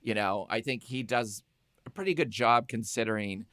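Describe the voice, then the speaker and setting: A man hosting a podcast who chats casually about films and tells animated stories, acting out quotes. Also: mid-range voice, normal speed, no room sound, studio quality. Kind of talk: casual film chat.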